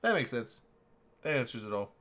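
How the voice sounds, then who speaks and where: A man's voice: medium pitch, very animated, moderate pace, a bit bright. A man hosting a casual gaming chat, hesitant and thinking aloud with frequent fillers.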